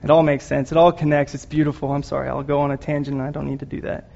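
A man's voice: fairly high pitch, little pitch movement, quick pace, vocal fry, darkish tone, slight background noise. A man giving an earnest, emotional sermon, rambling at times with restarts and apologies. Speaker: lay preacher. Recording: dull lo-fi recording.

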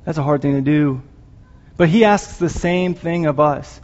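A man's voice: fairly high pitch, measured pace, darkish tone. A man giving an earnest, emotional sermon, rambling at times with restarts and apologies. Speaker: lay preacher. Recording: dull lo-fi recording.

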